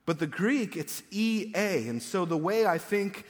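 A fairly high-voiced man preaching to his congregation in a loose, conversational way, animated and given to acting out the lines he quotes. His voice rings with the long echo of a church hall. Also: a little slow. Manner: casual, animated, acts out quotes. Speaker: pastor. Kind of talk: conversational sermon.

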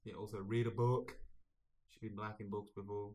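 A man's voice: on the low side, flat delivery, moderate pace, dark tone. A young man co-hosting a podcast in casual chat, joking and teasing with sarcastic asides. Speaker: podcast co-host.

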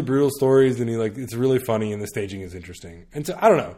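A man's voice: medium pitch, very fast, dark tone. A man chatting casually on a podcast, rambling with lots of fillers and restarts, laughing now and then. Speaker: podcast guest recommending media. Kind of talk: casual chat.

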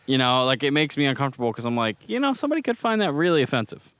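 A young man in relaxed podcast chat, halting and full of fillers. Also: medium pitch, clear, resonant tone, dry recording. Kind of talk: casual chat.

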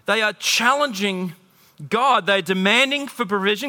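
A man preaching a sermon as pastor, swinging between loud emphatic bursts and quiet, intimate asides. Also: high voice, normal speed. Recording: long hall reverb.

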